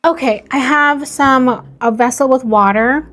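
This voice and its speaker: A woman vlogging about plant care, talking softly and slowly as she works, with worried asides. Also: high voice. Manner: slow, soft-spoken, worried asides. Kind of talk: casual narration while working.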